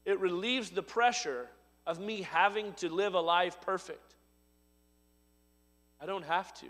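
High-voiced preaching man in a reverberant hall. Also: measured pace. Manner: preaching with sudden loud emphatic swells and soft drops. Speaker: pastor. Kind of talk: sermon.

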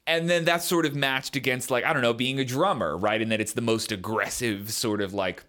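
A man's voice: mid-range voice, brisk, fairly bright tone. A young adult man co-hosting a podcast, musing in a loose, rambling way, full of "like" and "man". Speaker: podcast co-host. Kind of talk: casual chat.

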